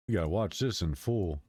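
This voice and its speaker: A man's voice: low voice, dark tone, breathy edge, no room sound, studio quality. A man streaming, giving casual chatty reaction commentary and laughing often.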